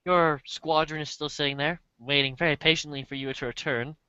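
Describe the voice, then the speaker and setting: A man's voice: fairly high pitch, steady tone, a little fast, sharp tone, clean tone, dry recording. A man running a tabletop role-play as game master, narrating casually with playful asides. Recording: muffled dry lo-fi recording.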